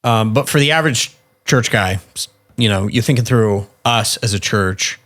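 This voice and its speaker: A man's voice: on the low side, moderate pace, fairly bright tone. A man co-hosting a podcast in casual chat, steadily leading the talk and asking questions. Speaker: podcast co-host.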